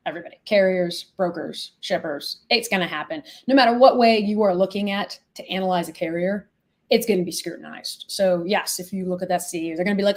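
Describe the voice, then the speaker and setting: A woman walks viewers through a software demo live, talking casually and quickly getting excited. Her pitch sits in an ordinary middle range, and she gushes freely, dropping the odd swear. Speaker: logistics software founder and host. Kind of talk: live product demo chat.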